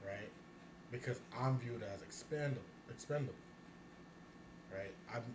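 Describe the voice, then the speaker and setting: A man co-hosting a casual talk show, ranting bluntly with plenty of profanity and bursts of laughter. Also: on the low side. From United States. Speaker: podcast co-host. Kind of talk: casual chat. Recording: echoey room with noise.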